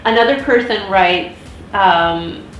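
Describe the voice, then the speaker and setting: A woman's voice: medium pitch, slow pace, a bit bright, muffled recording. Chatty American woman ranting in an echoey room. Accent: General American. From United States. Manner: chatty, frequent restarts and fillers. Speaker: vlogger. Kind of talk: casual rambling vlog rant. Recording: echoey room with faint noise.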